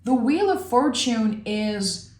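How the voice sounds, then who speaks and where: Slow, soulful woman reading tarot. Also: fairly high pitch, lively intonation. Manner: gentle, earnest, reassuring, with drawn-out pauses. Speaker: tarot reader. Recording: roomy echo.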